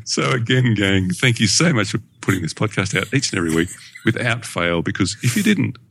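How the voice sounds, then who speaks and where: Low-voiced animated man reading email. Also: breathy edge. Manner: animated, laughs often while reading. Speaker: podcast co-host reading listener email. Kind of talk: casual chat.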